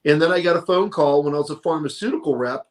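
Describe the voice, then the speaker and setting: Middle-aged man, fairly high voice, animated storyteller, casual interview guest. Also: fast. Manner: animated, tells stories with quoted voices. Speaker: guest, monster truck announcer.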